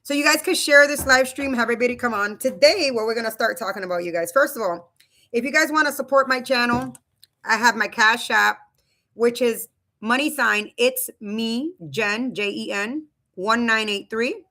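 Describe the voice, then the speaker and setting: A woman's voice: a little high, normal speed, sharp tone. A woman in her thirties or forties hosting a casual live stream from home on a webcam, chatty and loose, often calling her viewers "you guys.". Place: home room.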